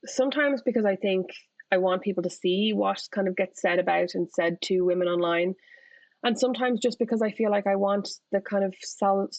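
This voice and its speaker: A woman's voice: mid-range voice, creaky, a little mellow, no echo. A woman author speaking as a podcast guest, candid and reflective, often restarting her sentences. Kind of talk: casual conversational interview. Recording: dull, lo-fi audio.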